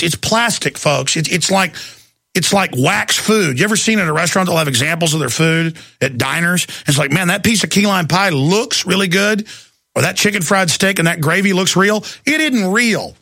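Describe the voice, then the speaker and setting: A man's voice: on the high side, vocal fry, sharp tone, slightly rough, no room sound, clean studio sound. A man, hosting a call-in talk radio show, ranting in a passionate monologue full of restarts. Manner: impassioned, ranting, repetitive restarts.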